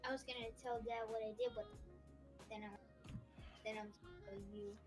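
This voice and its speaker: A woman voicing her own young child in a quick, quiet, mumbled plea, as part of a story she is telling on a podcast. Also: a little high, fairly even intonation, music in the background, natural voice. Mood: pleading.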